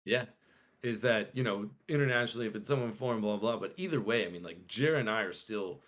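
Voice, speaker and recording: A young man co-hosting a casual podcast, telling a story in an animated way and acting out the quotes with swearing. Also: lowish voice, a little fast. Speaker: podcast co-host.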